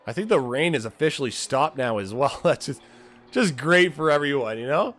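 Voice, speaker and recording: A man's voice: a little high, lively intonation, normal speed, fairly bright tone. A man commentating a sim racing league and interviewing drivers, casual, laughing and swearing freely, at a home streaming setup.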